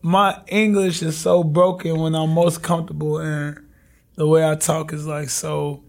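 Young guy on a podcast, raspy gravelly voice, laughs a lot telling stories. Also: on the high side, measured pace. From Chicago. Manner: laid-back, laughing, animated storytelling. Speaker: podcast guest. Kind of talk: casual conversation.

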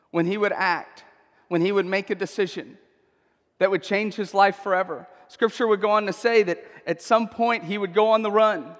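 A man's voice: high-pitched, a bit bright, long reverb tail. A male pastor preaching a sermon in a church, conversational and emphatic, often checking in with "okay?". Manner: conversational, emphatic, frequent tag questions.

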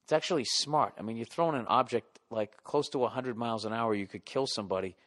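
A middle-aged man with a Boston accent hosting his own podcast. He rants in a profane, comic style and yells at times. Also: mid-range voice, fast talker. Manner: profane, ranting, yelling at times. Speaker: podcast host. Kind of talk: solo comedic podcast rant.

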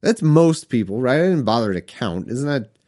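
A man's voice: medium pitch, very animated, moderate pace, a little mellow, natural voice. A man voicing Jesus as a bumbling, evasive figure who stammers and hedges with lots of fillers. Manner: hesitant, stammering, full of fillers. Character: evasive, bumbling male Jesus making excuses.

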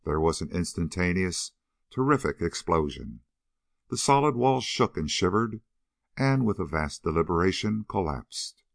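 A man narrating an audiobook of an adventure novel in a steady, expressive reading. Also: sits low, a little slow, vocal fry, dry recording, clean studio sound. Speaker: audiobook reader.

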